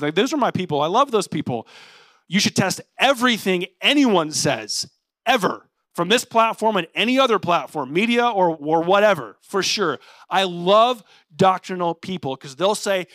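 High-voiced, animated young pastor. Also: male voice, no room sound, clean studio sound. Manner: casual, energetic, says "like" often; animated and playful. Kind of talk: sermon.

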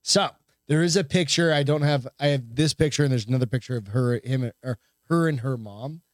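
A man's voice: medium pitch, fairly quick, no echo, clean studio sound. Profane, rambling man co-hosting a podcast. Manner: profane, rambling, reads news aloud with stumbles. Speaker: podcast co-host. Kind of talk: casual chat.

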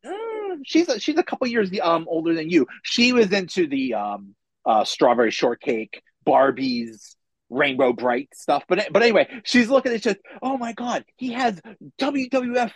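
This is a male podcast host in casual conversation, reacting to his guest with enthusiasm. His pitch moves a lot as he talks. The sound is dry and close, with no room echo. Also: very animated. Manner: enthusiastic, gives quick reactions. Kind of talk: casual interview chat.

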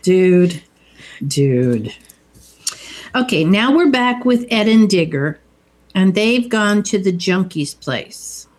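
A woman's voice: medium pitch, animated, slow, long pauses, darkish tone. A middle-aged woman in casual chat, recapping a film in a conversational, tentative way. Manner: conversational, tentative, checks details.

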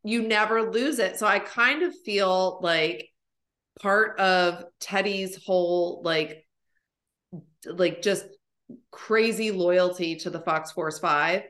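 A woman in her thirties chatting on a podcast in a bright, forceful voice. She rambles casually, packing her talk with fillers and swearing freely. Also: lowish voice, takes it slowly. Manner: chatty, profane, lots of fillers. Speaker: podcast host. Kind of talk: casual chat.

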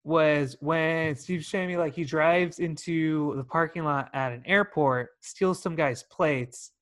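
A man's voice: a little high, unhurried, fairly bright tone. A man co-hosting a casual film review chat, retelling scenes with acted-out quotes and swearing. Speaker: podcast co-host.

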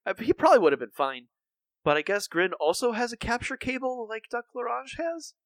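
A man's voice: extremely high pitch, animated, a little fast, a bit bright, no echo. A man co-hosting a podcast, recapping a cartoon episode in a rambling, casual way with many fillers and restarts. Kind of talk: casual chat.

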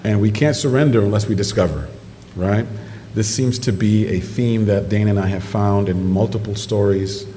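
A man preaching a sermon, animated storytelling that jumps into excited quoted voices. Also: on the low side, normal speed. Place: church sanctuary. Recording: distant microphone in a reverberant church hall with noise.

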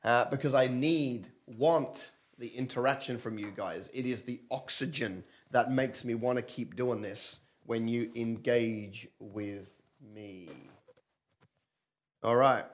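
A man, giving an energetic livestream sermon and calling on viewers to respond. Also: medium pitch, slow pace. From London and Australia. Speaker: preacher and business coach.

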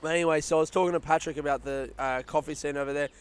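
A young Australian man hosting a casual solo podcast outdoors, rambling through stories in a chatty, rushed way. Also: fairly high pitch, steady tone, clear, resonant tone. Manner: rambling, chatty, retelling stories with quoted voices. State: yawning, a bit rushed. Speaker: podcast host. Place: outdoors in a smoking area by a housing estate.

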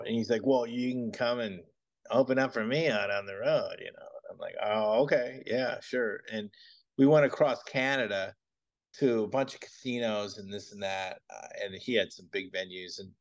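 A comedian guest telling an anecdote on a podcast, laughing and acting out what others said. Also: male voice, lowish voice, muffled recording. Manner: animated, laughs while telling, acts out quotes. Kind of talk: anecdotal storytelling.

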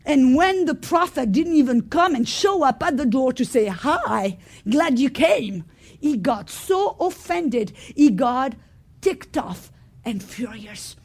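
A woman preaching a sermon, telling the story by acting out the characters' voices and moving from quiet asides to loud exclamations. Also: high voice, expressive, takes it slowly, breathy edge.

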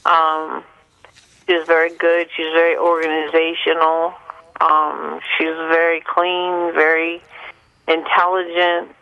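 A woman calling in to a radio show, speaking haltingly with many pauses and fillers. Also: low voice, monotone, clean tone, no room sound. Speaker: caller. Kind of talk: call-in radio confession. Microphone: telephone. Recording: muffled phone line.

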